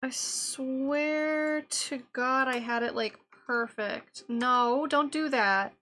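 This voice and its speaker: A woman's voice: high-pitched, slow pace, sharp tone. A woman streamer talking to herself while she works, exasperated and laughing at her own mistakes. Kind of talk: live-stream self-talk while animating.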